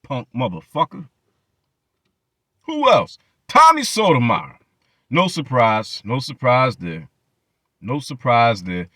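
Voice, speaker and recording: Bright, lively profane male commentator. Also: mid-range voice, measured pace, no echo. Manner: mocking, profane rants with many repetitions. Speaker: channel host.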